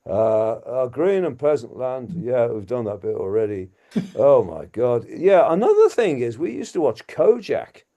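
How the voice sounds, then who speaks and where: He's a guest comic from Liverpool with an English accent, very animated but keeping a measured pace, his medium-pitched voice warm in tone. Over a video call he rambles through self-mocking bits, chuckling whenever he strays off topic.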